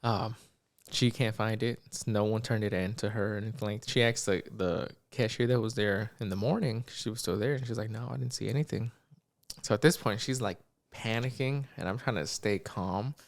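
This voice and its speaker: A young man, a podcast co-host, telling a story in casual chat, animated, acting out the people in it and swearing freely. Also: lowish voice, fairly quick, hardly any pauses.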